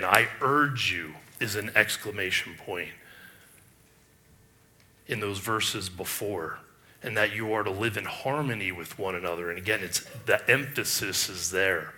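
A man's voice: fairly low pitch, pushed and bright. A male pastor delivering a sermon, emphatic and full of rhetorical questions, often restarting his sentences.

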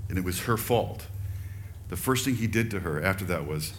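An older man preaching a sermon in a relaxed, conversational way, telling personal stories and acting out quoted lines. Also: deep voice, normal speed, a little hiss or hum. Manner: conversational, animated storytelling with quoted asides. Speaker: pastor.

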